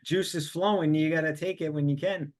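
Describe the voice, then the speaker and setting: A man's voice: a little high, fairly even intonation, normal speed. A man hosting an interview podcast, a chef by trade, chatting casually and encouraging his guest with short backchannels.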